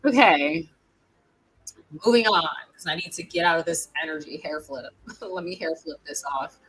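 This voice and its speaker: A young woman giving a casual, animated movie-review rant, laughing often. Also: sits low, normal speed, faint music behind, low-quality recording. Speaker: video creator reviewing movies. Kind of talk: casual ranting review vlog.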